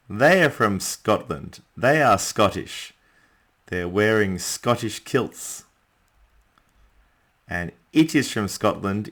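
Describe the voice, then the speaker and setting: Slow, low-voiced man teaching. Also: fairly bright tone. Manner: slow, deliberate teaching delivery with small asides. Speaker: English teacher. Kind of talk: beginner language lesson narration.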